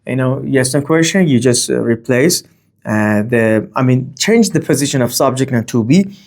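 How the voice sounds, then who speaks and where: A man teaching a grammar lesson, speaking, often pausing on okay and uh and reading example sentences with a lifted tone. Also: medium pitch, animated, darkish tone. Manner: explains slowly with many fillers and okays. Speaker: language teacher.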